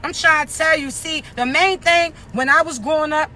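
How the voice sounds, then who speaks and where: A woman with a raspy voice and a Maryland accent, giving a blunt, profane motivational talk straight to her viewers. She keeps checking in with them. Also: high voice, normal speed, pushed and bright, slight background noise. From Maryland, United States. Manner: blunt, profane, streetwise, keeps asking "you understand me?". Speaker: motivational social media creator. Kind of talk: casual motivational talk to camera.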